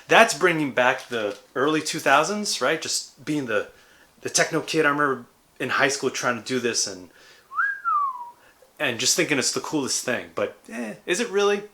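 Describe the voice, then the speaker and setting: A man's voice: mid-range voice, expressive, normal speed, bright, forceful tone, slight background noise. A man in his thirties, an actor, chatting through a casual beer review with playful, jokey asides. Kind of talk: casual food and drink review vlog.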